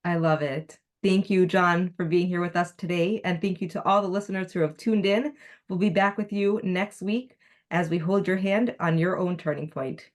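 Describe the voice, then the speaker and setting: A woman co-hosting a business podcast, warm and encouraging as she thanks her guest and wraps up the episode. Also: on the low side, steady tone, moderate pace. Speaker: podcast co-host. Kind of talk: podcast interview and outro.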